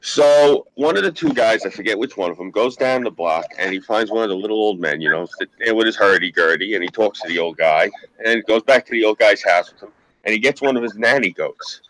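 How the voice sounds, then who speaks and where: A man's voice: fairly low pitch, expressive, a little fast, fairly bright tone, rough recording. A man telling rambling, profane anecdotes in a casual chat, acting out what people said. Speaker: podcast co-host.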